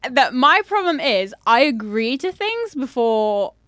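High, giggly woman podcast guest. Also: big pitch swings, a little slow, fairly bright tone, no echo, studio quality. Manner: playful, defensive, giggly. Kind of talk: casual chat.

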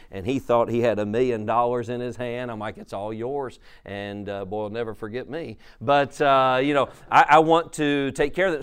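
A man's voice: mid-range voice, clean tone. A middle-aged man, an evangelist teaching at a conference, telling humorous stories in a folksy way and laughing at his own anecdotes.

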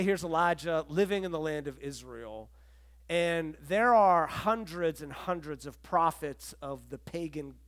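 A middle-aged man delivers a sermon from the pulpit in a relaxed, storytelling manner. His voice sits a little higher than most men's. He slips into the characters' lines as he retells the story. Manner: conversational storytelling, acts out quotes. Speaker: pastor.

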